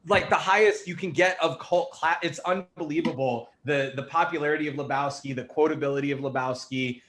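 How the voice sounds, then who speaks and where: A man's voice: a little high, fairly quick, fairly bright tone. A man hosts a livestreamed panel in a slightly raised voice. He is loose, laughing and profane as he runs the matchups. A faint hum of noise sits under the voice. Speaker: host.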